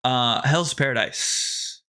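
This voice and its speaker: A man's voice: medium pitch, slow, bright, forceful tone. A man co-hosting a podcast in casual chat, agreeable and moving the talk along. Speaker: podcast co-host.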